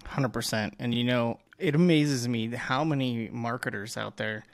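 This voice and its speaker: A man's voice: medium pitch, normal speed, no room sound. A man speaking as a guest marketing executive in a casual podcast interview, talking candidly and with emphasis. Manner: candid and emphatic, with blunt asides.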